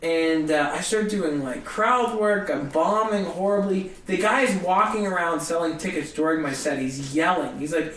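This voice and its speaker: A young man, a guest comedian, telling a story in a casual, animated way and acting out the people in it. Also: on the high side, normal speed, hardly any pauses, distant mic. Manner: animated, acts out other people's voices. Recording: roomy echo, a bit off-mic, faint hiss.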